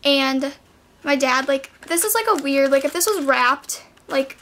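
A woman's voice: high voice, lively intonation, measured pace, a bit bright, a little hiss or hum. A teenage girl vlogging casually, bubbly and full of "like" and "literally". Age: teens. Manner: bubbly, says "like" and "literally" a lot. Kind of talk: casual haul vlog.

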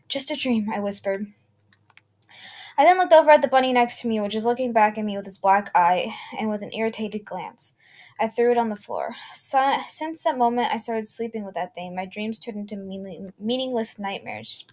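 Woman narrator, slightly high voice, reads a horror story with stumbles and restarts. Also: darkish tone. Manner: reads unevenly, with slips and self-corrections. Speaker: channel host reading creepy stories.

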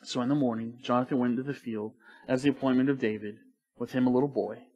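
A man preaching a sermon in church, animated and joking in a loose, colloquial way. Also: mid-range voice, quick pace, lo-fi sound. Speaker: pastor.

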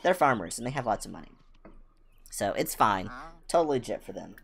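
A woman streaming a farming game, chatting casually with viewers and cooing excitedly at her animals. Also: a little fast, vocal fry, long pauses, breathy edge. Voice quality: low voice that jumps high with excitement. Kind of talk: casual gameplay chat.

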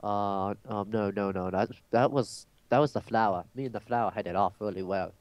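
Hyper american teen dude gaming, lowish voice, dry close sound. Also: male voice, fairly quick, dry recording, highs cut off. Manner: hyper, joking, rambling. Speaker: gamer. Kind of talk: casual gaming chat.

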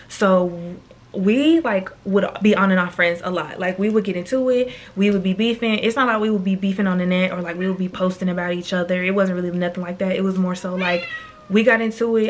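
A woman in her twenties telling a personal story to camera in a chatty, slangy way, often turning aside to address viewers. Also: medium pitch. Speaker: storytime vlogger.

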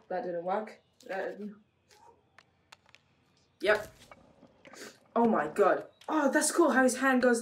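A woman playing a VR game who chats to herself in an excitable way, with many exclamations, recorded from a distance in an echoey room. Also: on the high side, slight background noise. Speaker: gamer streamer.

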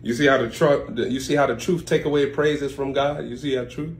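A man preaching a live-streamed sermon. He reads scripture slowly and then explains it in informal, chatty asides to his viewers, with sudden swings in pitch and loudness. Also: fairly even intonation, a little hiss or hum. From United States.

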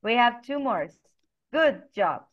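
Slow, patient woman teacher. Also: a little high, expressive. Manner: slow, patient, spells letters out. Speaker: Spanish teacher. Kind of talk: online language class. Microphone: video call. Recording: dull lo-fi video call audio.

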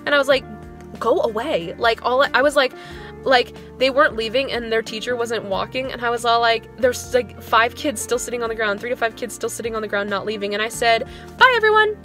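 A young woman in her twenties talks through a rough day as a schoolteacher. Her voice sits a little high and sounds dejected and low on motivation. She rambles, dropping "like" into nearly every sentence. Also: fairly even intonation, fast talker, a bit bright, faint music behind. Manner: rambling storytelling, filler "like" throughout. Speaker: elementary school music teacher. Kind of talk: casual vlog venting.

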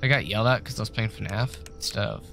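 His voice sits on the low side, a little fast, creaky, and fairly bright, over faint background music. The young man is casually livestreaming a horror game at a desk mic, joking with chat, swearing a lot, and jumping at scares.

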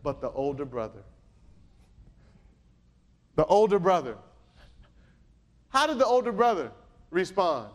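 A man's voice: very high-pitched, fairly bright tone. A male pastor preaching a sermon, reading scripture aloud and calling out questions to his congregation. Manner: reads scripture aloud in King James wording.

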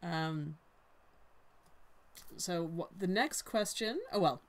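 A woman's voice: on the low side, takes it slowly. A woman co-hosting a live stream, reading out viewer questions with a playful, dry humor. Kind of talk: casual live-stream chat.

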